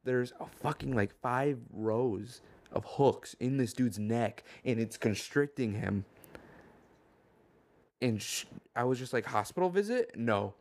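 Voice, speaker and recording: A man's voice: mid-range voice, steady tone, slow, a little mellow. Casual storytelling young man, swearing. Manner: swearing, storytelling with acted quotes and laughs. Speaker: podcast co-host. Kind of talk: casual chat.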